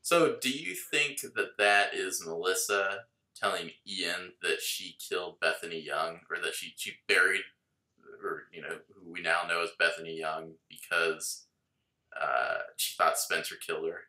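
A man's voice: low-pitched, measured pace, pushed and bright. A man co-hosting a podcast in casual chat, musing analytically and laughing often. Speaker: podcast co-host. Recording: roomy echo.

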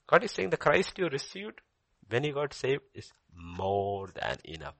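An older man preaching a sermon as pastor, swinging between loud emphasis and soft near-whispers and repeating key phrases. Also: fairly low pitch, very animated, measured pace, vocal fry, dry recording.

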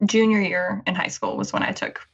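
A woman's voice: on the low side, big pitch swings, fairly quick, muffled recording. A young woman guesting on a podcast in casual chat, giggling often and talking with lots of fillers. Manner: giggly, chatty, filler-heavy.

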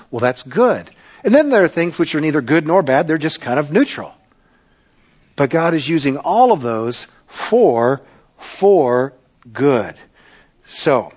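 A man preaching a sermon in a conversational way, putting questions to the congregation. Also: medium pitch. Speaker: pastor.

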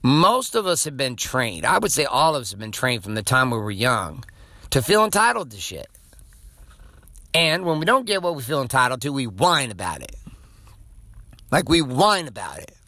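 A man's voice: mid-range voice, very animated, moderate pace, sharp tone, dry recording. A male podcast host giving a blunt, profane, emphatic motivational monologue.

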